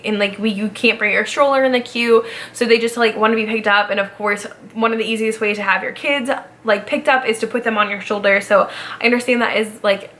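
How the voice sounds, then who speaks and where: A young woman in her twenties tells stories in a relaxed, conversational vlog style. Her voice is bright and forward, at an ordinary pitch for a woman. She keeps an upbeat tone and fills her sentences with casual "like"s. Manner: chatty, upbeat, frequent "like" fillers. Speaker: vlogger, former theme park ride guide. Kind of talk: casual chat.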